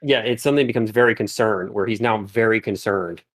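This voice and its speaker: A man's voice: lowish voice, a little fast, a bit bright, no echo. A man chatting casually on a live stream as a guest painter, talking in loose, rambling sentences full of restarts. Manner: rambling, lots of filler and restarts. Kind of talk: casual livestream chat.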